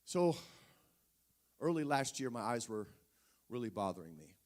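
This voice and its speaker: A man's voice: mid-range voice, very animated, a little slow, darkish tone. A male preacher telling a personal story in a sermon, talking conversationally with frequent restarts and fillers.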